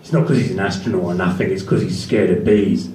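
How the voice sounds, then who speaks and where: A gruff, paranoid Cockney man, as a stand-up comedian puts him on, talking low and insistent and tagging his lines with "right?". The voice rings through an echoey club and is picked up from a distance. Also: fast talker, warm tone, a little hiss or hum, close to an everyday voice. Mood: paranoid, rambling. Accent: Cockney, put on. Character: paranoid gruff man impression of a film actor. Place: small comedy venue.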